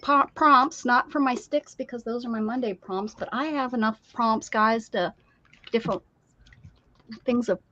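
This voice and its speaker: A woman hosting a casual craft livestream, chatty and animated, greeting viewers by name. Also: fairly high pitch, normal speed, muffled recording.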